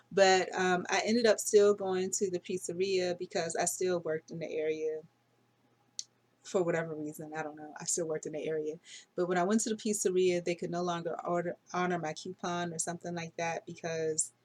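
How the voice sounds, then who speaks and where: A middle-aged woman talking casually through her dreams in a rambling, unsure way, full of fillers and self-corrections. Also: lowish voice. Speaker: dream vlogger. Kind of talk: casual dream diary monologue.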